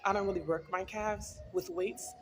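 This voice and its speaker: A woman's voice: medium pitch, fairly even intonation, normal speed, noisy background. A middle-aged woman talking casually to camera in a wellness vlog, chatty and storytelling, laughing often. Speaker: wellness vlogger.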